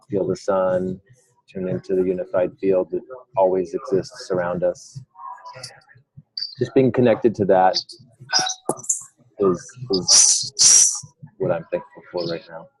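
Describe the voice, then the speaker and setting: A man with a fairly low voice hosts a casual group call. He speaks calmly and reflectively, pausing often and searching for words. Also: low-quality recording. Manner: calm, reflective, halting with fillers. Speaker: call facilitator.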